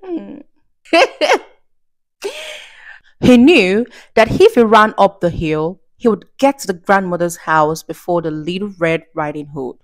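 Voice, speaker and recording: A woman reading a children's story aloud as a storyteller, slow and expressive with playful asides. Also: lowish voice. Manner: slow, expressive and warmly animated.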